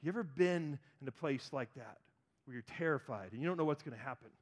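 A man's voice: medium pitch, expressive, fast talker. A man in his forties preaching a sermon, animatedly acting out the voices of people in the story. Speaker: pastor.

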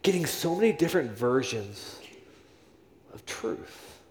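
A man's voice: medium pitch, sing-song, unhurried, darkish tone, a little hiss or hum. A man preaching a sermon in a church, repeating his phrases for emphasis. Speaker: pastor. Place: church sanctuary. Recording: long reverb of a large hall.

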